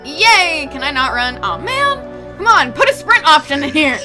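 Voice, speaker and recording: A woman giving excitable, squealing commentary while playing a video game, often gasping. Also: sits high, normal speed. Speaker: let's play gamer. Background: game music.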